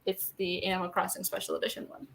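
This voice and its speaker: A woman chatting quickly and teasingly with friends over a video call. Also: on the low side, completely flat delivery, creaky, fairly bright tone, slight background noise, low-quality recording. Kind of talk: casual chat.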